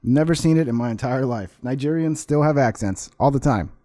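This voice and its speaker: A man's voice: mid-range voice, a little fast, warm tone, dry recording, clean studio sound. A man hosting his own vlog, ranting with sarcasm and constant swearing as he reacts to clips. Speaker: vlog host. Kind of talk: profane ranting commentary.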